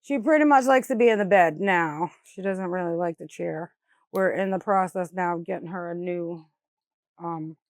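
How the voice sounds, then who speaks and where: A woman's voice: lowish voice, dry recording. A middle-aged woman from New York State, a mother giving a documentary interview, speaking candidly and in plain everyday words, with frequent "like" and "you know" fillers. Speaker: mother of a crash victim.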